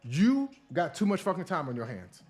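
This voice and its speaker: A man's voice: on the high side, moderate pace. Male podcast host, blunt, profane, ranting commentary, faint background music. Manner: blunt, profane, animated rants. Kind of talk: casual opinion commentary.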